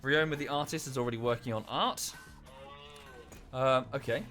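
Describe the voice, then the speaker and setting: A man narrates his colony game live for his stream, drifting between remarks to viewers and orders to the little characters. His talk is loose and chatty, full of restarts, at an ordinary middle pitch. Faint music plays behind him. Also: normal speed, a bit bright. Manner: rambling, self-correcting, talks to viewers and the game characters. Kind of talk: casual game-stream commentary. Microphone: desk microphone.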